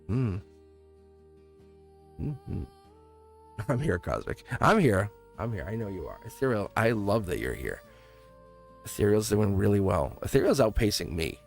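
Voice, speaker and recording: A man's voice: lowish voice, very animated, measured pace, creaky, pauses often, soft background music. A man hosting a live-stream tarot reading, chatty and laughing often as he answers his live chat. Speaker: tarot reader.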